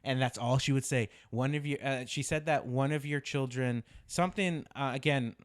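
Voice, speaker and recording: A man's voice: medium pitch, normal speed. A man co-hosting a podcast, telling a story in casual chat, swearing often and repeating himself for emphasis. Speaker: podcast co-host.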